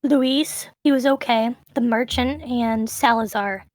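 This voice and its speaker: A woman's voice: fairly high pitch, slow pace, darkish tone, no room sound, studio quality. A woman interviewing a streamer in casual chat about games, giving emphatic, enthusiastic opinions.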